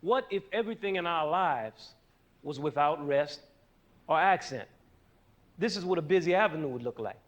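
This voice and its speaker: A man's voice: on the high side, moderate pace, pauses often. A man teaching a lesson on rhythm, asking his listeners questions and drawing out their answers. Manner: animated, asks the audience questions. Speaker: music teacher.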